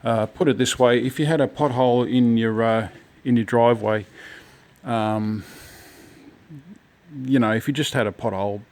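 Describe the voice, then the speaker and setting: Casual home handyman, mid pitch, talks in loose restarts. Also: fairly even intonation, moderate pace, darkish tone. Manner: rambling, many ums and restarts. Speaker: home DIYer. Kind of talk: casual DIY walkthrough.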